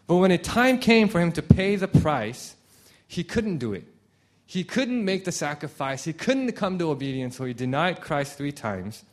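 A man preaching a conversational sermon as pastor, reading scripture aloud and restarting his sentences as he goes. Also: on the high side.

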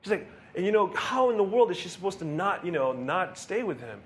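A young man preaching a casual, conversational sermon, animated and often asking his listeners questions. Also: sits high, a little fast, a little hiss or hum. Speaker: pastor.

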